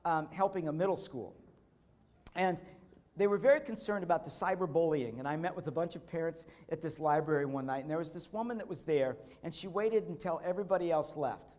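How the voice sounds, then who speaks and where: A middle-aged man speaking from a conference stage, with a slightly high voice. He tells stories earnestly and stretches out key words to drive them home. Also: a little mellow. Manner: storytelling, earnest, slows for emphasis. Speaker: keynote speaker. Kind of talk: motivational conference speech. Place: conference hall.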